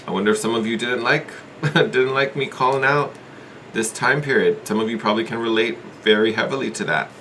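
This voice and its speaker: A man's voice: mid-range voice, fairly quick, bright, forceful tone, a little hiss or hum. A man giving a casual tarot reading, thinking aloud with hedges and repeats in an earnest, encouraging way. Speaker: tarot reader.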